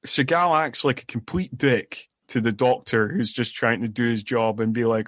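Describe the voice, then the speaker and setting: A man's voice: medium pitch, normal speed, a bit bright, dry recording, clean studio sound. A man co-hosting a movie podcast, recapping a film in casual chat full of fillers and restarts. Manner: rambling, many fillers and restarts. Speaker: podcast co-host. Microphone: podcast microphone.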